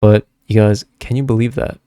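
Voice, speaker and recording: A young man telling a story to camera in a casual vlog, animated, swearing freely and talking straight to his viewers. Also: fairly low pitch, moderate pace, smooth, no room sound, clean studio sound. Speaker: spiritual content creator.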